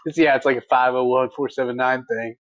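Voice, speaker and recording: A man's voice: mid-range voice, fairly even intonation, quick pace, dry recording, highs cut off. A man co-hosting a livestream, chatting casually and folksily as he reads viewer comments. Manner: laid-back, folksy, laughs easily. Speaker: livestream co-host.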